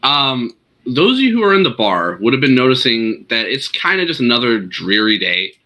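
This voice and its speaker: A man running a tabletop game as game master, narrating scenes in a relaxed, unhurried way. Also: mid-range voice, low-quality recording.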